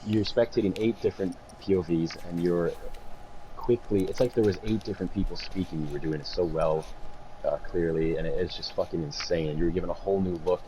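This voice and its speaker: A man's voice: low voice, a little fast, highs cut off. A man co-hosting a podcast who stammers through long questions to his guest. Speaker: podcast co-host. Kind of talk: casual podcast interview. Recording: audible background noise.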